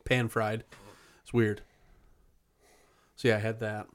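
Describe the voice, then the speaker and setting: A man's voice: lowish voice, level tone, takes it slowly. A man from Wisconsin hosting a podcast in casual chat, joking around and swearing freely. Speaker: podcast host.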